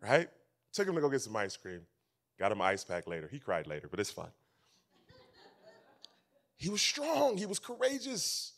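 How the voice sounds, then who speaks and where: A male pastor preaching a sermon at a church camp meeting, swinging from loud emphasis to hushed near-whispers and repeating his key phrases. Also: lowish voice, huge pitch swings, moderate pace, vocal fry, pauses often.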